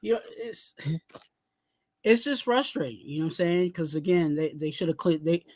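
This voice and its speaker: A man hosting a fan sports show, ranting heatedly and often shouting, with lots of "you know what I'm saying". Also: fairly high pitch, animated, moderate pace, no room sound. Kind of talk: casual sports talk, ranting segment.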